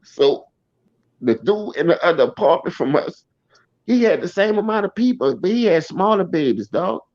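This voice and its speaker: A man telling a personal story in a blunt, profane, animated way. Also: sits high, moderate pace, no room sound. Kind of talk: casual first-person storytelling. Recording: dry, slightly dull recording.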